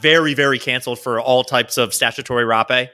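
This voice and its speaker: A man co-hosting a casual podcast, animated and quick to laugh as he trades banter. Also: mid-range voice. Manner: animated, laughing, reads jokes aloud in put-on voices. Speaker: podcast co-host.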